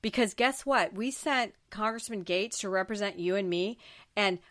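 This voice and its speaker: A middle-aged woman from the Florida Panhandle hosts a political talk show, her voice sitting at an ordinary pitch. She talks in emphatic, exasperated bursts, tripping over her own restarts as she vents. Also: normal speed.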